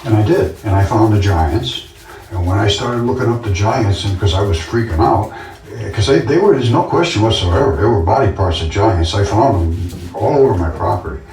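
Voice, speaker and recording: A man's voice: lowish voice, expressive, normal speed, a little mellow. A man talking in a casual monologue, earnest and insistent, often repeating himself as he tells his story. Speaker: vlogger. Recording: roomy, distant from the mic.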